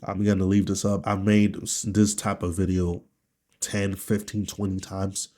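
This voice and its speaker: A man from Nigeria talking candidly in a personal video diary, with a low, subdued and profane, rambling delivery. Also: completely flat delivery, measured pace, mellow. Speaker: vlogger.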